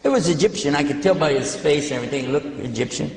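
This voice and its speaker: An older man preaching to an audience, telling stories in an animated way into a handheld microphone. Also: on the high side, quick pace. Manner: storytelling, animated when retelling events. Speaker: preacher answering questions. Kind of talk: public talk to an audience. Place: large hall. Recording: echoey hall, long reverb.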